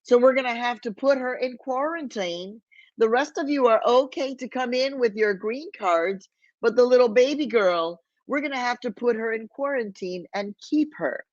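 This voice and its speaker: A woman's voice: a little high, moderate pace, dry recording, voice pushed up, close to an everyday voice. A woman voicing a tall, disdainful male immigration agent who speaks with a thick Texas accent in a curt, officious way. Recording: dull, lo-fi, dry.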